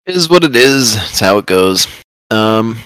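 A man's voice: on the low side, lively intonation, measured pace, fairly bright tone, clean tone, dry recording. A man co-hosting a podcast, chatting casually in an easygoing way and laughing often. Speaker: podcast co-host. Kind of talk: casual chat.

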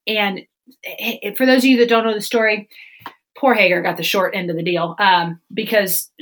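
Animated woman talking faith. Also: mid-range voice, poor audio. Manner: animated, acts out quoted voices. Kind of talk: casual faith podcast chat.

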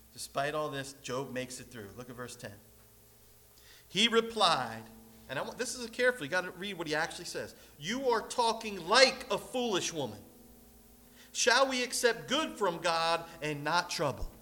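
A man preaching a sermon as pastor, animated, with sudden loud and soft passages and joking asides. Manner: animated preaching with big swings in loudness and pitch, joking asides.

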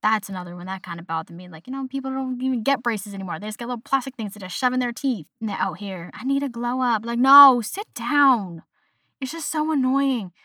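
Talking quickly with hardly any pauses, a young woman in her twenties rants on her casual solo podcast, chatty and exasperated, doing voices when she quotes people. Her pitch is fairly high, and the studio-quality audio has no echo.

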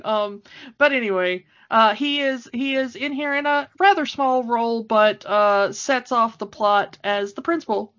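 A woman's voice: a little high, unhurried, fairly bright tone. A woman co-hosting a podcast in casual chat, talking with enthusiasm and lots of fillers. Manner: enthusiastic, gushing, many fillers. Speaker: podcast co-host. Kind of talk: casual chat about a cartoon film. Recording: dull lo-fi sound.

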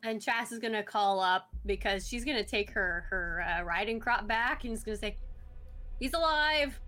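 A woman playing a tabletop game, briskly describing her character's moves. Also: mid-range voice, fairly even intonation, sharp tone. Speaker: player.

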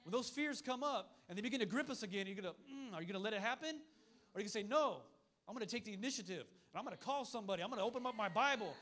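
High-pitched, fast-talking fiery preacher man. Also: animated, fairly bright tone. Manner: fiery, repetitive preaching with call-and-response asides. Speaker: pastor. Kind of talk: sermon.

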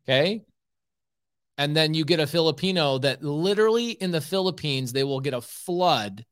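A man's voice: on the high side, animated, moderate pace, clear, resonant tone. A man hosting a live podcast as a real estate coach, speaking bluntly and repeating his points for emphasis. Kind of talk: casual live podcast talk.

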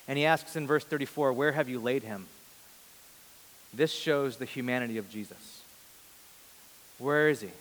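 A man in his thirties preaching a sermon before a large congregation, earnest, moving between loud emphasis and soft, hushed lines. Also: medium pitch, moderate pace, long pauses. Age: 30s. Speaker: pastor. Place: large church hall before a big congregation. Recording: long reverb of a large hall.

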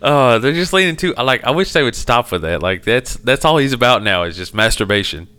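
A foul-mouthed man in loose, casual chat with a friend. His voice is bright and smooth, and he acts out the people in his stories by leaping up in pitch. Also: a little fast. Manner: animated storyteller, swears a lot, acts out quoted people in a high voice. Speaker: podcast co-host.

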